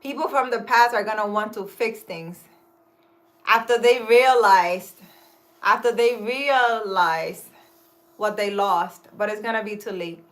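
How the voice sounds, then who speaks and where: A woman's voice: mid-range voice, unhurried, a bit bright. A woman in her thirties talking earnestly and emphatically to her live-stream viewers about relationships and faith, outdoors in a park. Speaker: live-stream host and spiritual advisor. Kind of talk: casual spiritual advice talk on a live stream.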